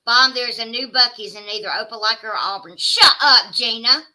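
A woman's voice: on the high side, steady tone, normal speed, sharp tone. A woman with a Southern American accent, chatting casually with her livestream viewers and reading their comments aloud. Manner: chatty, exclaiming, drawling asides to chat. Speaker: livestream host reading chat. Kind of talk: casual chat.

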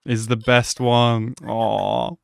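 A young man giving casual, excitable commentary as he reacts to an anime episode, talking back at the screen. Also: mid-range voice, drawn-out words, gravelly.

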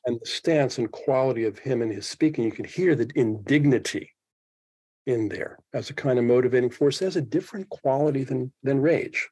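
A man's voice: medium pitch, brisk, warm tone, husky, no echo. Reflective older man in his seventies. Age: 70s. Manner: reflective, thinking aloud with restarts. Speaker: podcast guest. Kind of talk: interview conversation.

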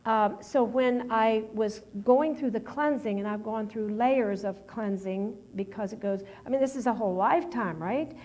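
A woman's voice: fairly high pitch, normal speed, few pauses, darkish tone. A middle-aged woman preaching a personal testimony sermon, talking in a conversational, rambling way with many restarts and fillers.

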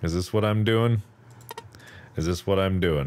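A man's voice: low-pitched, measured pace, pauses often, background noise. A man giving live gameplay commentary as a streamer, playful and sarcastic, teasing with mock outrage and laughing often.

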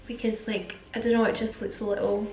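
A woman's voice: a little high, flat delivery, fairly quick, a little mellow. Chatty woman, echoey room. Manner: rambling, chatty, self-aware. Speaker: beauty vlogger. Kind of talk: chatty makeup tutorial. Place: home makeup setup. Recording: echoey room with faint music.

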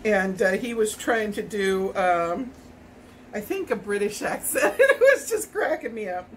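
A woman's voice: mid-range voice, sing-song, measured pace, slight background noise, rough recording. A middle-aged woman from Hawaii cooking in her home kitchen, chatting in a rambling way as she tastes and snacks. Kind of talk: casual cooking chat.

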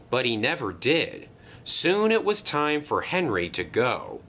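Slow, expressive male storyteller. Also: medium pitch. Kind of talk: narrating a homemade toy-train story.

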